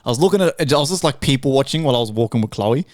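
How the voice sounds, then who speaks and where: Bloke co-host, crude, animated, swears constantly; dry close mic. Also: male voice, medium pitch, rapid-fire, dry recording. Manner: crude, heavy swearing, animated storytelling with laughs. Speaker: podcast co-host. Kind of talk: casual chat.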